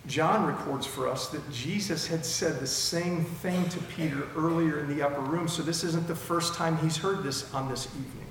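A man preaching a sermon emphatically, with sudden swings between loud and soft, while his mouth keeps going dry. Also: on the high side, moderate pace, few pauses, a little hiss or hum. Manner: emphatic, with dramatic swings in loudness. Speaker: pastor. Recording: echoey hall with long reverb.

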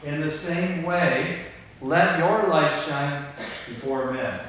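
A man's voice: fairly high pitch, slow pace. Older male pastor, emphatic sermon delivery, distant mic in a very reverberant church hall. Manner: emphatic preaching that swings from quiet to loud. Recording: echoey hall from far off, faint hiss.

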